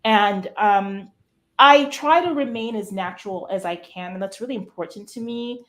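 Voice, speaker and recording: A woman guest in a casual interview, speaking at an everyday pitch. She tells her story with lively, expressive energy and an easy, chatty flow. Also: moderate pace.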